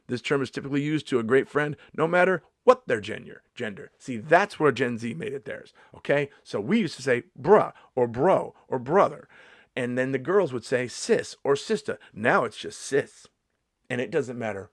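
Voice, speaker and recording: A middle-aged male comedian on a casual vlog reads slang definitions aloud, then riffs on them with sarcasm and free swearing. His medium-pitched voice is expressive at normal speed, recorded at studio quality with no room sound.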